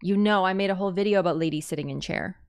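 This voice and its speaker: A woman YouTuber giving excited, rambling reaction commentary, swinging between loud gushing and hushed murmurs. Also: lowish voice, rapid-fire, clean tone. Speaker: YouTuber reacting to a game trailer.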